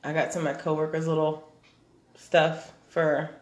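A woman co-hosting a casual chat, animated, often laughing and trailing off mid-sentence. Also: low voice, moderate pace. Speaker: podcast co-host. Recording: roomy echo.

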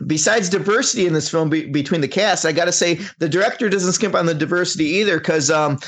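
High-voiced man rambling about a film. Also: fast, a bit bright. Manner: crude, rambling, laughs often. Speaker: podcast co-host. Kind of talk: casual film discussion.

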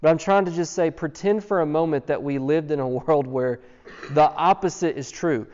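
A man's voice: fairly high pitch, normal speed, darkish tone. A man preaching a sermon, earnest and emphatic, asking his listeners one rhetorical question after another. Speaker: pastor. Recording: dull sound with long hall reverb.

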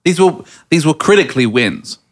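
A man's voice: fairly high pitch, animated, moderate pace. A British man co-hosts a casual pop culture podcast. His voice moves up and down a lot as he teases the others with dry one-liners. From Britain. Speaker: podcast co-host.

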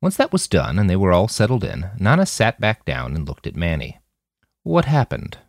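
A man narrating an audiobook in an even storytelling manner. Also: brisk, dry recording, clean studio sound. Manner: deep, even storytelling with wide pitch swings.

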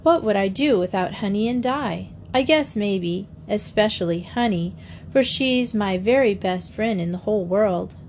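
A woman voicing a teenage girl detective's quiet, self-doubting thoughts in a storybook reading. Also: medium pitch, unhurried, a little hiss or hum, natural voice. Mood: wistful. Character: girl detective, earnest best friend.

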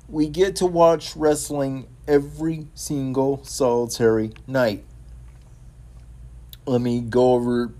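A man with a mellow, warm voice hosting his own wrestling talk show at an unhurried pace. He stumbles through fillers and repeats words, then gushes with enthusiasm about the week ahead. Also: mid-range voice. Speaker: podcast host.

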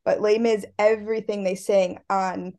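A young college woman with a medium-pitched voice talks over a video call. She rambles with enthusiasm and fills her sentences with "like" and "I don't know.". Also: level tone, moderate pace, darkish tone. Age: young adult. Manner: enthusiastic, rambling, lots of fillers. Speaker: college student, co-host. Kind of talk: casual chat.

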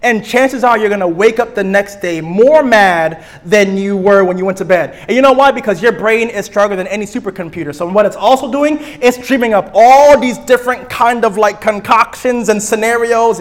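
A young man teaches a church group, his voice sitting high for a man. He is lively and playful, acting out small scenes and hammering his main points by saying them twice. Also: a little fast, hardly any pauses. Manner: lively, playful, acts out little scenes and repeats key points.

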